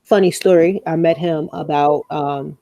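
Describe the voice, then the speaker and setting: A young woman spins a story on a podcast, loose and profane, and she jumps into the voices of the people she quotes. Her tone is mellow and warm, and the recording is close and dry with no room sound. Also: deep voice, a little slow, dry recording. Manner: animated, profane, acts out quoted lines. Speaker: podcast co-host. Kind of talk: casual storytelling chat.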